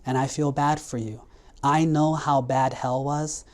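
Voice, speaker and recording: A monk voicing a talking goat in a storytelling sermon, low and earnest as it recounts its past lives. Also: male voice, flat delivery, measured pace, darkish tone, lightly acted. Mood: sorrowful. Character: wise talking goat, old soul, sorrowful.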